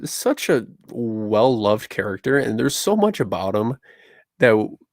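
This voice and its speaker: Excitable man chatting on a podcast. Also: fairly low pitch, a little slow, no echo, clean studio sound. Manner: animated, speculative fan talk. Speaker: podcast co-host. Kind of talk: casual chat.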